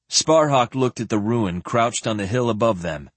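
A man narrating a fantasy audiobook in an expressive storytelling manner. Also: medium pitch, moderate pace, few pauses, dry recording. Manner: expressive storytelling with voiced characters.

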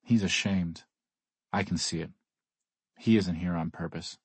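A man narrating a first-person audiobook in a measured, grave manner, husky, on a close mic. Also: sits low, steady tone, no echo.

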